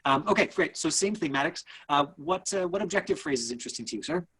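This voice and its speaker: A man with a slightly high, husky voice runs an online acting class. He stops and restarts often, padding his coaching with fillers. He sounds like he is on a video call. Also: animated, fairly bright tone, poor audio. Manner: halting, many fillers and restarts.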